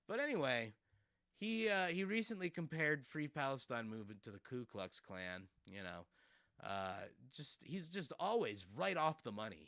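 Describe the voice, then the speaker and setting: A man's voice: medium pitch, fairly bright tone, dry recording, clean studio sound. A man hosting casual commentary, sarcastic and rambling with fillers and laughs. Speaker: streamer host.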